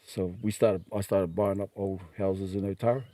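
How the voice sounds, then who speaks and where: Guesting on a podcast, this middle-aged New Zealander shares casual stories in a low voice at a moderate pace, recorded without echo. He gets animated, voices the people he quotes, and laughs while telling them.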